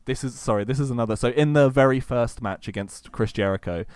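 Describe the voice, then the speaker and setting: A man's voice: mid-range voice, fairly quick, darkish tone, clear, resonant tone, dry recording, clean studio sound. A man cohosting a casual podcast chat, eagerly retelling a long story and acting out quotes between many fillers.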